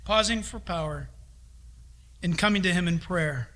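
A middle-aged male pastor preaching a lively sermon, acting out the voices of God and his kids as he talks. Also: high-pitched, a little slow, pauses often.

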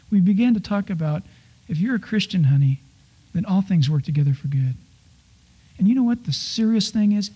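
A man preaching from the pulpit with a higher-pitched, husky voice. He tells his stories with lively energy and slips into exaggerated voices to act out people's complaints. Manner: animated storytelling, acting out complaints in high voices. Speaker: pastor. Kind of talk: sermon.

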